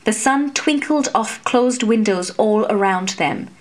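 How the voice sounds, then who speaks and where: A woman reading a fantasy story aloud as narrator, in a measured, even storytelling manner. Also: a little high, poor audio. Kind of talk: scripted narration.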